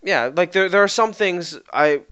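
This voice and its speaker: A man's voice: sits high, expressive, moderate pace, bright, forceful tone, clean tone. A man co-hosting a casual podcast, rambling and correcting himself as he acts out what players say. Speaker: podcast co-host. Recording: dull lo-fi podcast mic.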